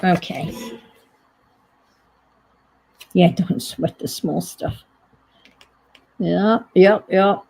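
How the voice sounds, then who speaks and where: Slow, gravelly-voiced woman crafting aloud. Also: lowish voice, a little mellow, low-quality recording. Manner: rambling, thinking aloud, self-deprecating. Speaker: crafting livestream host. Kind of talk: casual chat while crafting.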